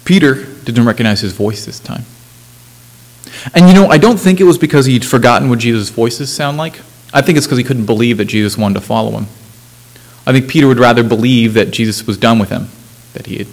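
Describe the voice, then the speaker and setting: A man preaches a sermon, reading scripture aloud and explaining it conversationally with asides and self-corrections. His medium-pitched voice moves fairly quickly with frequent pauses, and the recording is rough.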